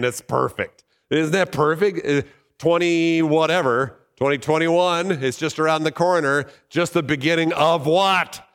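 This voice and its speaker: A man's voice: mid-range voice, a bit bright, clean tone, long reverb tail. A male pastor giving a sermon in a conversational way, asking his listeners questions. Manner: conversational preaching with rhetorical questions.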